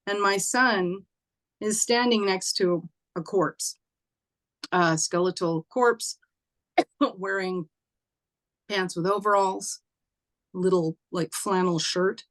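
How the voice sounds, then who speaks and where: A woman's voice: takes it slowly, pauses often. A woman telling a personal ghost story in casual chat, acting out what people said in a lifted voice. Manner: animated, acts out quoted voices with raised pitch; conversational, with fillers and occasional laughs. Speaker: spiritual teacher and host.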